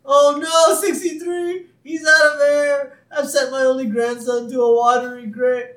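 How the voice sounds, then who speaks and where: A man putting on a frantic old grandfather, a war veteran who shrieks in a high voice. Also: lively intonation, slow pace, heavily acted. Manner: shrieking, high-pitched yelling. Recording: roomy echo.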